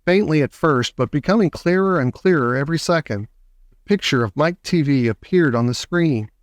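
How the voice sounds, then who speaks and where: A man narrating a children's storybook in a steady, expressive reading. His voice sits a little high, and the recording is dry and close. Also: normal speed, dry recording. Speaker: audiobook reader.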